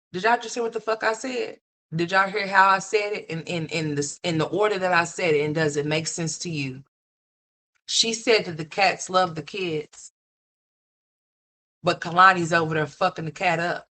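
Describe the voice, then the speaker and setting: A woman's voice: normal speed, bright, forceful tone. A woman hosting a commentary livestream, scolding and mocking in a blunt, profane ranting style. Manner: mimics others in a higher voice. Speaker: commentary streamer.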